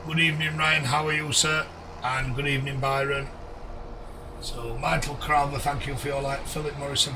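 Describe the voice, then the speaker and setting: Chummy man streaming a game, slightly hoarse. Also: mid-range voice, recorded from a distance, noisy background. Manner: chummy, greets viewers by name. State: voice going a bit hoarse. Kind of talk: live game stream, reading chat.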